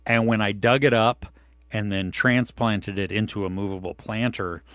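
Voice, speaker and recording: A man co-hosting a casual live stream, reading viewers' comments and swinging from excited outbursts to low mutters. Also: normal speed, no room sound. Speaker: podcast co-host reading live chat. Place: home studio.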